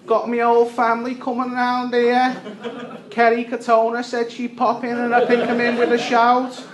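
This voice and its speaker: A man's voice: extremely high pitch, monotone, moderate pace, crowd noise, voice pushed up. A man putting on a wheedling Scouse chancer. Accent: Liverpool.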